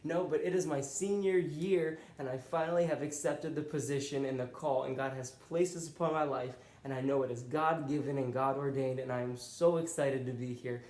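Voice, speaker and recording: A man's voice: medium pitch, steady tone, moderate pace, hardly any pauses, darkish tone. A young man telling a personal faith testimony in an earnest, conversational way. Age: young adult. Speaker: college student and youth pastor. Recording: roomy echo.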